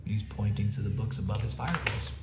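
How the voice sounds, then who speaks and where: A man's voice: lowish voice, fairly quick, noisy background. A father reading a children's picture book aloud, chatty, with asides to his kids. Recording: roomy home room echo.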